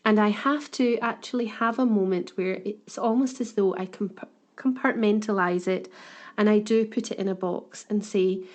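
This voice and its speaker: A woman's voice: medium pitch, steady tone, moderate pace, a little mellow. A woman co-hosting a podcast, speaking earnestly and thoughtfully in casual chat, often restarting her words. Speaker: podcast co-host.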